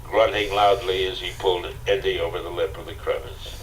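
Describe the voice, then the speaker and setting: Low-voiced older man narrating an audiobook. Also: fairly quick, distant mic, slight background noise, poor audio. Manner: dramatic, steady storytelling. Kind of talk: scripted narration.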